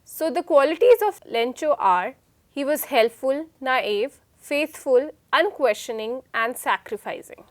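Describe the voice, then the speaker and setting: A woman's voice: sits high, animated, measured pace. A woman student with an Indian English accent, giving short answers and reading sentences aloud in class.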